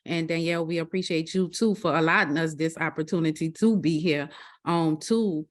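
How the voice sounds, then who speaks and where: Woman, 40s, New Orleans accent, low-pitched, warm emphatic coach introducing herself. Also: steady tone, normal speed. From New Orleans, Louisiana. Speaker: life coach and business founder. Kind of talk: self-introduction in a group call.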